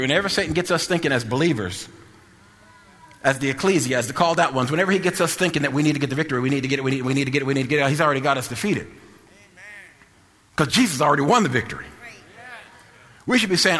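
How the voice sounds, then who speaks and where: A male preacher, preaching a sermon in a shouting, sing-song style with bursts of laughter. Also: on the high side, quick pace, long pauses, long reverb tail.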